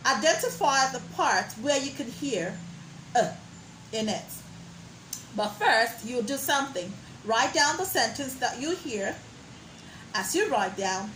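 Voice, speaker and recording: A woman teaching a pronunciation lesson, modeling sounds slowly and praising the learner as she goes. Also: a little high, a bit bright, echoey room, a little hiss or hum, low-quality recording. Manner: slow, drawn-out modeling of sounds with encouraging praise.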